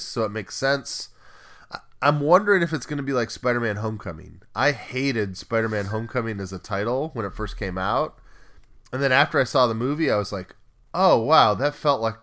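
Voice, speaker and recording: A man's voice: lowish voice, a bit bright. A man hosting a casual podcast chat, upbeat and chatty with lots of "like" fillers, steering the questions. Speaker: podcast host.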